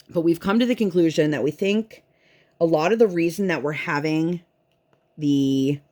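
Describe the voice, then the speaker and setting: A woman chatting casually at home while she crafts, venting and telling her story in an animated way. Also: low-pitched. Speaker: vlogger and mother.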